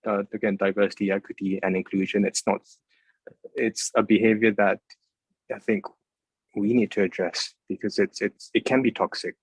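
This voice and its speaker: A man's voice: fairly low pitch, little pitch movement, moderate pace, breathy edge, no room sound, poor audio. A young man moderating a casual panel discussion over a video call, hesitant with many fillers and restarts.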